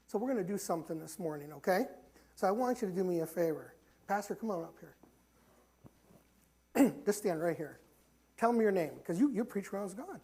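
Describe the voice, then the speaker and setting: A man's voice: high-pitched, expressive, fairly quick, long pauses, mellow, husky. A man preaching a sermon in a church, impassioned and repetitive, telling stories and calling his listeners forward. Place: church sanctuary.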